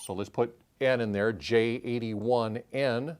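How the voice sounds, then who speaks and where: A man hosting a puzzle channel, thinking aloud as he calls out letters and clue numbers in a measured solve-along walkthrough. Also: medium pitch, steady tone, darkish tone. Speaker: puzzle-solving channel host.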